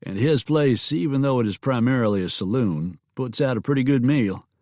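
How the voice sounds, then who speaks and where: A man's voice: medium pitch, moderate pace, a little mellow, no room sound, studio quality, voice pushed up, close to an everyday voice. A man voicing a blunt, teasing small-town sheriff in a Western audiobook. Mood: plain. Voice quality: wry, blunt.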